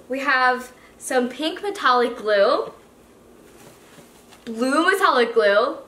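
A young woman with a high, lively voice rattles through an unboxing vlog, gasping and gushing with plenty of "like" fillers. Her pitch jumps all over as she talks. The room is echoey, with a faint hiss underneath. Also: slow pace, long pauses. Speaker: slime YouTuber host.

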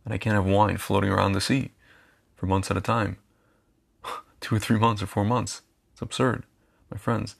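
A man's voice: fairly low pitch, level tone, normal speed, gravelly, long pauses. A man talking casually straight to his viewers as a commentator, chatty, repeating phrases and calling them his friends. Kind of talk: casual direct-to-camera monologue.

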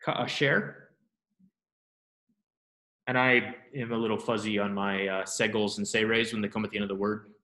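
A man with a lowish voice leads a classroom lesson, easygoing and a little self-mocking. He quizzes his students step by step, and the room adds a noticeable echo. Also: normal speed, pauses often. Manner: relaxed, self-deprecating, asks students questions. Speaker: Biblical Hebrew teacher.

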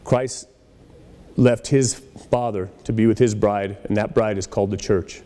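A man's voice: on the low side, steady tone, a little slow, mellow, long reverb tail. A man preaching a conversational sermon in a church, acting out little dialogues as he goes. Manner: conversational preaching with acted-out quotes. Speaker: pastor.

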